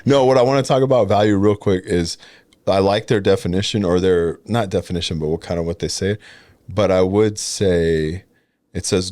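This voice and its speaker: A man's voice: on the low side, a little mellow, dry recording. A man in his thirties co-hosting a casual marriage chat, hesitant and often restarting his sentences. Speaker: podcast co-host. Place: studio.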